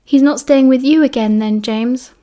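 A woman's voice: high voice, fairly even intonation, normal speed, a little mellow. A woman with a British accent voicing a nervous, timid teenage schoolboy wizard who frets and wails. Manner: wailing, anxious.

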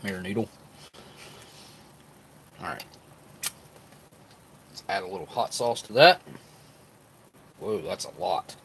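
Low-voiced man tasting food on camera. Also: animated, takes it slowly, long pauses, a bit bright, slight background noise. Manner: chatty, talks with his mouth full while eating. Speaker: food reviewer. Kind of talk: casual vlog talk to camera.

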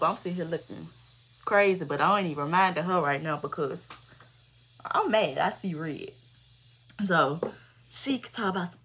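A young adult woman vlogger telling a personal story in an animated, slangy, emphatic way. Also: lowish voice, moderate pace, long pauses, husky. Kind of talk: storytime vlog.

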